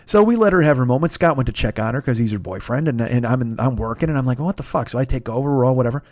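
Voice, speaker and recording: A man's voice: mid-range voice, lively intonation, rapid-fire, a little mellow, no room sound. A man, hosting a comedy podcast with a profane, rambling, self-mocking storytelling monologue full of restarts. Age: 50s.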